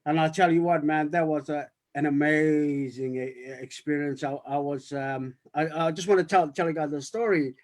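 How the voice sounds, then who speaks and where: A man's voice: on the high side, a little mellow. A man telling a rambling story on a video call, full of fillers and restarts. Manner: halting, many restarts and fillers. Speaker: writer-director on a cast panel.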